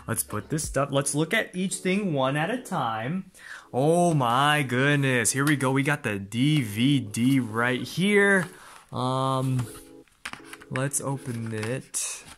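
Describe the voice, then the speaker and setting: A man with a medium-pitched voice chats casually through a toy unboxing, gushing with excitement and frequently laughing and exclaiming.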